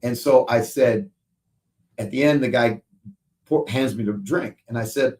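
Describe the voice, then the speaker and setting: A male show host telling lively stories in casual chat, often tagging lines with "right?". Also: medium pitch, measured pace, far from the mic. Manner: animated storyteller, frequent "right?". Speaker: show host, football analyst.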